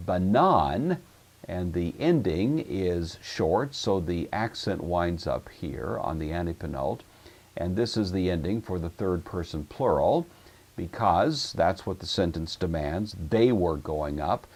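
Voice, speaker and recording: A man's voice: deep voice, a little mellow. A man teaching a Greek lesson, working through each exercise step by step and thinking aloud. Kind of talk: recorded language lesson.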